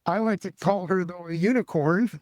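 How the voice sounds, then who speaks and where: A man's voice: high voice, normal speed, a little mellow, no echo. Man hosting a church family talk show. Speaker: host. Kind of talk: introducing guests, casual talk.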